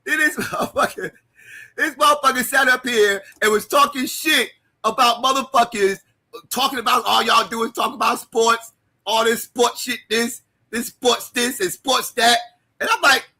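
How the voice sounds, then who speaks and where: A man delivering a profane, heated roast rant on a livestream, mocking and often shouting. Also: high-pitched, lively intonation, a little fast, slightly rough.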